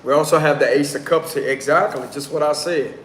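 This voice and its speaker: A man's voice: a little high, fairly even intonation, brisk. A man doing a casual live tarot reading, talking in a loose, slangy way and prone to giggling. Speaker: tarot reader. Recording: roomy echo, faint background noise.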